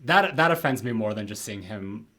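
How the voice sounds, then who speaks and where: A man's voice: fairly low pitch, animated, moderate pace, sharp tone. A man co-hosting a podcast, talking casually with many fillers and trailing sentences. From abroad from his co-host. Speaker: podcast co-host. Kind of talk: casual chat.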